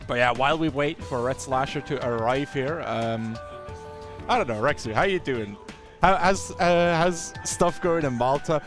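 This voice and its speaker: A man doing live esports commentary on a fighting game from the tournament venue, excitable, chatty and jokey. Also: medium pitch, moderate pace, faint music behind.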